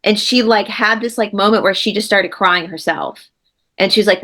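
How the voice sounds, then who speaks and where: A woman's voice: medium pitch, fairly quick, fairly bright tone. Earnest woman. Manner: earnest, emphatic, rambling. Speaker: co-host interviewer. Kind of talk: casual video-call chat.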